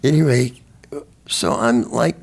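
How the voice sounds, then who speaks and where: An older man with a deeply gravelly, husky voice tells stories in a loose, rambling way. He restarts his sentences often and drops the odd swear word while he talks. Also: slow pace. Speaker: veteran guest. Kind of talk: conversational storytelling.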